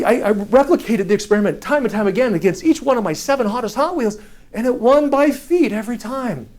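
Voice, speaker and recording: A man telling a personal childhood story in an animated, self-mocking way, often laughing as he talks. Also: very high-pitched.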